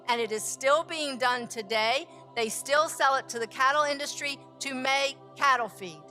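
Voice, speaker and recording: A woman with a bright, fairly high voice tells a story as a food scientist and baker. She talks in a lively way and acts out the lines of the people she quotes. Soft music plays underneath. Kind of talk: storytelling talk.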